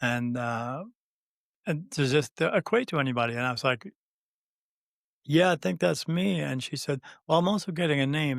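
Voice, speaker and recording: Man in his fifties telling a story haltingly. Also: a little high, gravelly, a bit bright, no room sound, clean studio sound. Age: 50s. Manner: halting, many "uh" fillers and restarts, acts out quoted dialogue. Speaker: guest, spirit medium. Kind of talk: casual storytelling in an interview.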